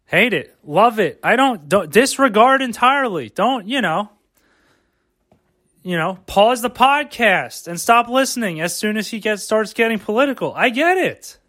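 High-voiced man ranting on a podcast. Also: lively intonation, moderate pace, bright, forceful tone. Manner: profane, rambling, rhetorical questions. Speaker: podcast host. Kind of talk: rambling solo podcast rant.

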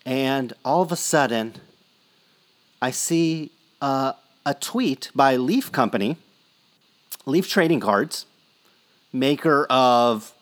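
A man's voice: mid-range voice, animated, slow pace, long pauses. A man hosting a sports card podcast in a casual, rambling conversational way. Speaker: podcast host.

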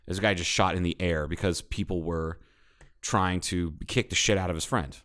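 A man's voice: deep voice, fairly even intonation, normal speed, a bit bright. A man co-hosting a casual podcast chat, telling bar stories with plenty of swearing and acting out other people's lines. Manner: profane, storytelling, mimics people in raised voices. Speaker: podcast co-host.

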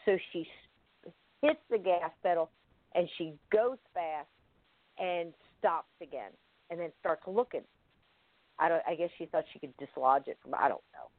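Guest storyteller on a phone line: halting and vivid, with restarts. Dry, tinny sound. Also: medium pitch, no echo. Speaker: guest recounting an experience. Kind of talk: first-person storytelling in an interview.

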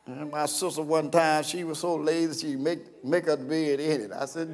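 A man preaching a sermon as pastor, folksy and storytelling, breaking into sudden shouts and chuckles. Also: fairly high pitch, little pitch movement, normal speed, hardly any pauses.

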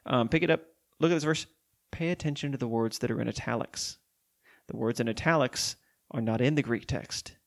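Gravelly man preaching scripture. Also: medium pitch. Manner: emphatic, slows down to read verses aloud. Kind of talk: sermon reading and explaining scripture.

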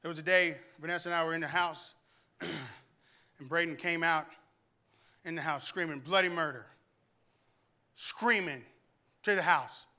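A high-pitched man preaching to a church congregation. His tone is sharp and tense. He tells stories animatedly, often restarts his sentences, and keeps asking the crowd questions. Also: unhurried, pauses often. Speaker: pastor. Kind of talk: sermon.

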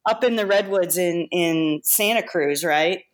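A woman with a fairly low voice tells stories in a relaxed, conversational way. She keeps the telling lively and often breaks into laughter, as a makeup artist guest would when looking back on her work. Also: unhurried. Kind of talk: casual storytelling.

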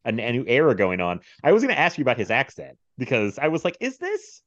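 A man's voice: medium pitch, very animated, fast talker, a bit bright, no echo, dull audio. A man hosting a casual movie podcast, chatty and laughing often. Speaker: podcast host.

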